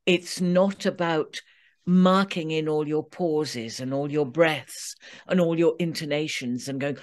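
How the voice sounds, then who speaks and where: A woman's voice: low voice, lively intonation, moderate pace, a little mellow. A woman who is an audiobook narrator and coach, talking expressively in an interview and acting out example line readings. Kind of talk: interview conversation.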